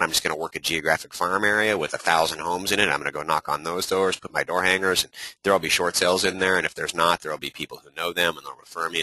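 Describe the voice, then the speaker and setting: A man's voice: low-pitched, no room sound, poor audio. A man teaching a webinar with lots of energy, often asking rhetorical questions and acting out short conversations. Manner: energetic, talks in rhetorical questions, acts out homeowner dialogue. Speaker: real estate coach.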